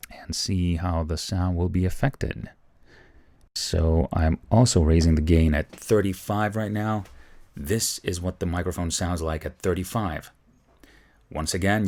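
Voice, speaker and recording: A man teaching about microphones in a chatty, casual demonstration, moving closer to and farther from the mic in a small, lively room. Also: low-pitched. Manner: chatty, explains while moving toward and away from the mic. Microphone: studio microphones tested at changing distances.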